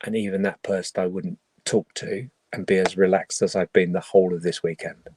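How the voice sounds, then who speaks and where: A man's voice: deep voice, flat delivery, fairly quick, a little mellow, a little hiss or hum. A man hosting a charity livestream, talking earnestly in a rambling way with many restarts. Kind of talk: casual livestream chat.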